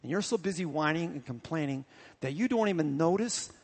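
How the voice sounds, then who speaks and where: A man voicing a gentle male Holy Spirit who rebukes softly and steadily. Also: on the high side, fairly quick, pitched below the performer's own voice. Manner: soft, steady, repetitive rebuke. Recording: long hall reverb.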